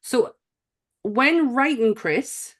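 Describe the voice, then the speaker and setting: A woman's voice: fairly high pitch, lively intonation, very slow, fairly bright tone. Chatty English woman co-hosting a podcast. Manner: chatty, swears, trails off and restarts. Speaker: podcast co-host. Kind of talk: casual chat.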